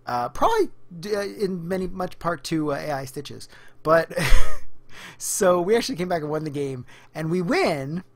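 A podcast co-host telling a story in casual chat, animated and laughing often, with many fillers. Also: mid-range voice, moderate pace.

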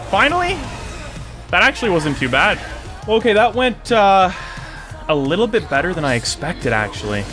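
Excitable young man playing a game. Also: fairly high pitch. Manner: excitable, taunting enemies on screen. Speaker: gaming YouTuber. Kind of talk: let's play commentary.

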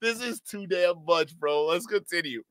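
A man's voice: high-pitched, a little slow, a bit bright, no room sound. A man reacting to a video on a live stream, mocking it in slang and breaking into laughter again and again.

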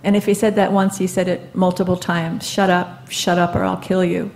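An older woman speaks from a live event stage, her voice sitting a little low. She is earnest and halting, often pausing on fillers and restarting her sentences. A faint background noise runs underneath. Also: little pitch movement, vocal fry, darkish tone. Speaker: guest speaker. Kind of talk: live onstage testimony.

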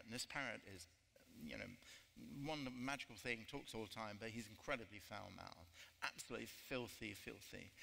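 Man, gravelly voice, bright tone, rambling self-deprecating joke teller, stage talk, reverberant hall, faint room noise. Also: mid-range voice. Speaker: author and festival guest. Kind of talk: festival talk with jokes. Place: festival stage.

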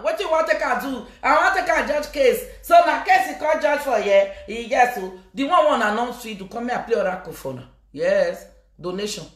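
Nigerian pidgin woman on a live stream, teasing and laughing, a bit high voice, echoey room. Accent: Nigerian Pidgin English. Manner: playful and teasing, bursting into laughter and chanting. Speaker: social media personality.

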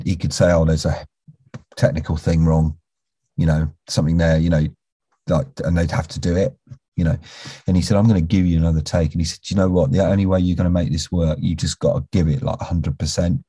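A middle-aged British actor tells a rambling story from a film set, full of restarts and asides. His voice is low, mellow and a little husky. The recording is close and dry. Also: dry recording. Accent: British English. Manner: rambling, with many restarts and "you know"s, drops to a near whisper when quoting. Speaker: actor interviewed as a guest. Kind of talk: casual anecdotal storytelling.

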